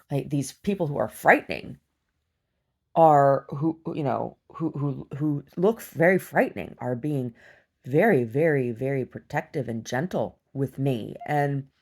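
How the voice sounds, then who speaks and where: A woman recounting a disturbing dream in a personal video diary, talking haltingly with many restarts. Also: very deep voice, warm tone. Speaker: survivor sharing a personal story.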